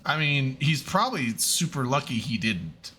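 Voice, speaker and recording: A man's voice: medium pitch, very animated, normal speed, pushed and bright, slight background noise. A man co-hosting a podcast, chatting casually in an easygoing, rambling way with plenty of fillers. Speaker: podcast co-host. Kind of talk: casual group chat.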